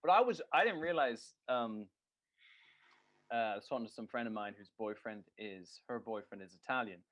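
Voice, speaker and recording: A man's voice: mid-range voice, animated, normal speed, a bit bright. A man co-hosting a podcast in casual chat, rambling and joking with plenty of swearing. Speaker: podcast co-host.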